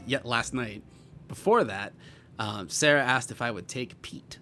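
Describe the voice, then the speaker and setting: A man co-hosting a podcast, telling a rambling story in casual chat with lots of fillers and getting loud when excited. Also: medium pitch, a little slow, faint music behind. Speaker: podcast co-host.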